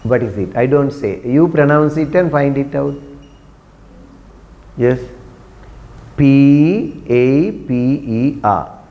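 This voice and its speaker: A man's voice: mid-range voice, slow, pauses often, dull audio. A man teaching pronunciation to a class, patiently repeating words and asking questions. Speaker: English teacher. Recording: long echoey room reverb.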